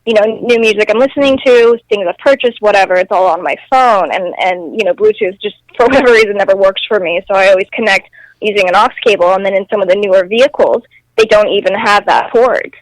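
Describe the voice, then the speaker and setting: A woman's voice: mid-range voice, quick pace, no echo. A young woman, a singer, talking casually over a phone line as an interview guest, upbeat and articulate. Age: young adult.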